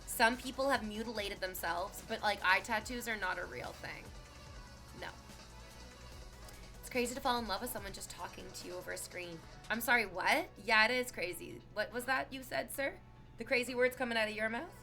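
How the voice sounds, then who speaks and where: A bright, slightly high-voiced woman in her thirties chats casually as a streamer, reading out viewer messages one after another. She is animated and talkative, quick to break into laughs and exclamations, with faint music playing behind her.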